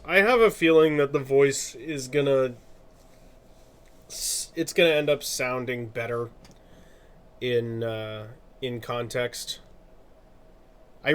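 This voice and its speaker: A male streamer talking casually to his viewers at a medium pitch. He rambles, laughs easily, and doubles back on his words as he thinks out loud. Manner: chatty, rambling, laughs often, self-correcting. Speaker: streamer and artist. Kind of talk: casual live-stream chat.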